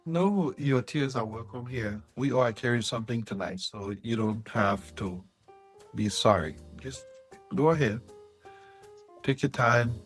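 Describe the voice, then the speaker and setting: A man hosting a memorial live stream, welcoming callers and consoling them in a gentle, soft-spoken way. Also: medium pitch, a little slow, slightly rough, soft background music.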